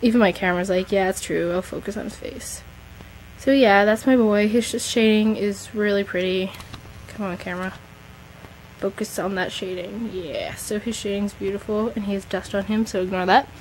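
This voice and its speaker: A woman's voice: mid-range voice, steady tone, moderate pace, slight background noise, low-quality recording. A teenage girl giving a chatty, gushing tour of her model horse collection, talking to her camera as she films. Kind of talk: casual collection tour vlog.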